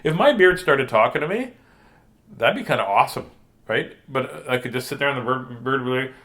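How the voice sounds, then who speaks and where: A man's voice: mid-range voice, expressive, brisk, fairly bright tone. A man hosting a children's storytime, reading picture books and chatting in a playful, silly, joking way. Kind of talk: storytime reading and rambling chat.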